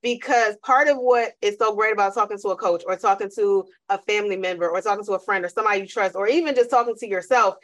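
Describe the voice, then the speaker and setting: Animated woman in casual chat. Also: mid-range voice, fast, hardly any pauses. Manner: animated, acts out quoted voices, laughs often.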